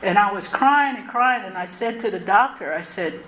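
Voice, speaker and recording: A woman's voice: mid-range voice, expressive, normal speed, a bit bright. A woman in the middle of a heartfelt recovery talk, earnest and reflective as she speaks from the podium. She circles back and repeats her phrases, sometimes stopping to restart a sentence. The live recording sounds roomy, with a faint hiss of noise underneath. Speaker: closing speaker at a recovery convention. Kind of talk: personal recovery share, spoken from the podium.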